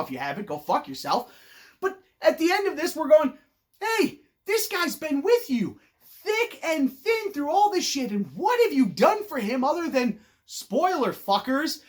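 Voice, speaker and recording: A man's voice: extremely high pitch, fairly bright tone. A man delivering a profane comedic rant with mock outrage. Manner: ranting, swearing, mock indignation. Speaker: comedic ranter.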